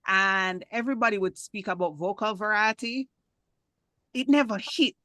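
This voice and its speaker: A woman asks a question on a video call, enthusiastic and admiring. Her voice sits at an everyday pitch and sounds dry and close. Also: a bit bright, no echo. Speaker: audience member asking a question. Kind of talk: casual question.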